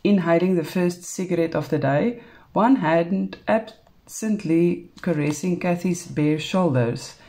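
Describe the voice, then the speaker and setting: A woman with a South African English accent, calmly reading a novel aloud, unhurried, with small slips. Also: on the low side. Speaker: storybook reader.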